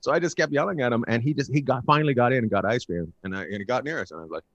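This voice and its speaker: A man guest on a podcast, telling road stories in a casual, animated way and acting out quotes loudly. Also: mid-range voice, racing, no room sound, highs cut off. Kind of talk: casual storytelling.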